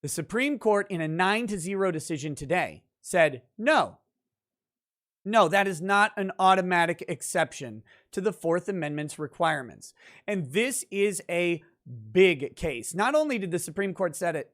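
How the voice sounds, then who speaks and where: A male lawyer in a casual commentary video, talking through a court decision in a conversational, emphatic way. His voice sits a little higher than most men's, and he stops now and then to think aloud over the text. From central Minnesota, United States. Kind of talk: legal commentary.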